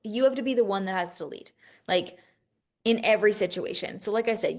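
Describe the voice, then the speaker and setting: A woman's voice: mid-range voice, a little fast. A woman hosting a solo coaching podcast, talking candidly and emotionally, swearing freely and restarting her sentences. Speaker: business coach and podcast host.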